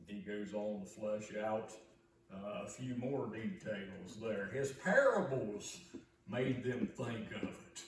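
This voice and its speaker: A man's voice: lowish voice, fairly even intonation, slow, darkish tone, slight background noise. A man preaching a sermon as pastor, reading scripture with earnest, rising emphasis. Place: church sanctuary. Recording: echoey church recorded from far off.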